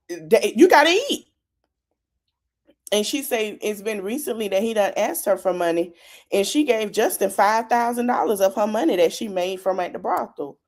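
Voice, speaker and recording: A woman podcast host chatting through a recap of a reality show. She talks casually and directly to her audience, at an ordinary pitch for a woman. Her tone is loose and conversational rather than scripted. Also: darkish tone.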